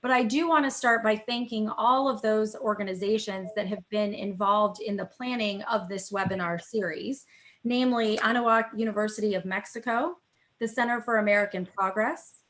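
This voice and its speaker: A woman moderating an online panel over a video call. She speaks in a measured, semi-formal way at a middle pitch and now and then fills a pause with "um" or "uh". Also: fairly even intonation, fairly bright tone. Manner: measured, semi-formal opening remarks with some fillers. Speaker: think tank vice president hosting a webinar.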